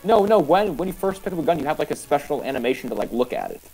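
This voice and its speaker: A man's voice: a little high, animated, racing. A man in casual chat with friends while playing an online game. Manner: mock Russian comrade voice, joking. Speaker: gaming friend. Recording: game music behind.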